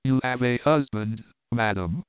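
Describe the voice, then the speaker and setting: Man voicing an ingratiating sinister spy, smooth, falsely charming, storybook, phone-like sound. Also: medium pitch, measured pace, no echo, natural voice. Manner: smooth, ingratiating, fishing for confidences. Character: oily, sinister male spy, falsely gallant. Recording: tinny phone-like audio.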